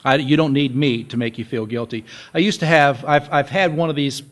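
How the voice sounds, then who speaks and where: A male pastor giving a relaxed, conversational sermon, joking with his congregation and repeating his key points. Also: medium pitch, a little fast. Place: church sanctuary.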